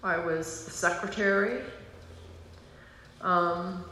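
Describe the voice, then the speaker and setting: A woman pastor giving an earnest, emotional personal testimony from the pulpit, slow and pausing. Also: on the low side, steady tone, bright, forceful tone, slight background noise. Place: church sanctuary. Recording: roomy church hall sound.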